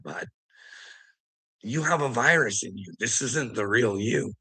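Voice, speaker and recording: Male ranter, gravelly voice with a bright edge, profane and confrontational. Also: mid-range voice, expressive, measured pace, pauses often. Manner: profane, confrontational, laughs mid-rant. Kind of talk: ranting monologue to camera.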